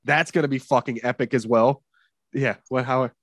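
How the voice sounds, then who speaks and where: A man's voice: mid-range voice, fairly even intonation, normal speed, a bit bright, no room sound. Rambling, profane male podcast host, dry sound. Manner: rambling, profane, with many fillers. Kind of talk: casual chat.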